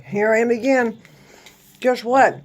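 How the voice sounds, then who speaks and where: A woman in her sixties with a slightly high voice, chatting casually to camera about faith. She jokes, laughs often and punctuates her points with little sound effects. She is blunt and swears now and then. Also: fairly even intonation, unhurried. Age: 60s. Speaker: vlogger. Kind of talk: casual faith-talk monologue.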